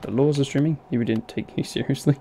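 Young male streamer, gravelly voice, playful banter with chat, faint background noise. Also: mid-range voice, fairly even intonation, brisk, mellow. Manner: playful, chatty, laughs often, talks to chat. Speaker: gaming streamer. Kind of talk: casual live-stream commentary.

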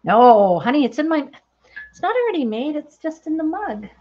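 Bubbly high-voiced woman livestream host. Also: sing-song, normal speed, dark tone, lo-fi sound. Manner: chatty, bubbly, laughs often. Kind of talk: casual chat with live viewers.

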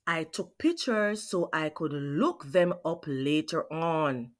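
A woman reading a picture book aloud to children, asking her young listeners questions as she goes. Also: low voice. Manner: slow, expressive, asks questions of listeners. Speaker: children's read-aloud host.

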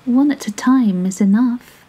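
A woman's voice: fairly high pitch, unhurried, dark tone, voice pushed up, poor audio. A woman voicing a small, clever male fish in a bedtime storybook, speaking in a small, sly, persuasive voice.

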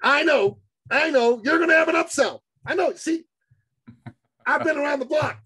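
A man's voice: very high-pitched, normal speed, sharp tone, pitched above the performer's own voice. A man putting on the voice of an insistent, seasoned male workshop attendee who repeats himself emphatically. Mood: emphatic.

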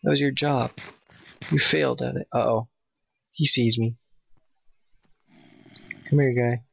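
A man giving nervous, excitable let's play commentary, talking to his in-game dog. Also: mid-range voice, unhurried, vocal fry, husky, no room sound. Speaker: gamer playing a Minecraft map. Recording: dull, dry home mic.

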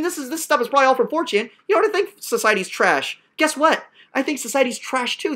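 A woman's voice: high-pitched, slightly rough. A woman hosting a heated online call, berating and sarcastic, with profane outbursts. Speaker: host of an online coaching class.

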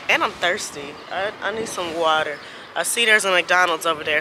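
A woman chatting casually to her camera outdoors in a windy city, rambling with lots of fillers. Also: on the low side. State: out of breath from climbing stairs. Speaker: travel vlogger. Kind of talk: casual vlog chat to camera. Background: music.

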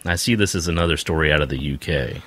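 A man's voice: extremely low pitch, fast talker. A man hosting a podcast, chatting casually and cracking jokes about the news. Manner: playful, wisecracking, lively. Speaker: podcast host. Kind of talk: casual joking news chat.

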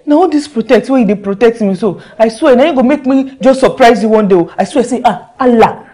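A woman's voice: on the high side, brisk, mellow, natural voice. A woman with a Nigerian Pidgin accent playing a teasing, meddling female house help who scolds sharply and coaxes sweetly. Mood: coaxing. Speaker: actress in a Nollywood film.

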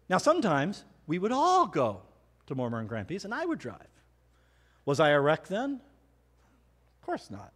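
A middle-aged man preaching a sermon, telling personal stories with animated, self-mocking humor. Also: a little high. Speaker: pastor. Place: church hall. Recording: hall reverb.

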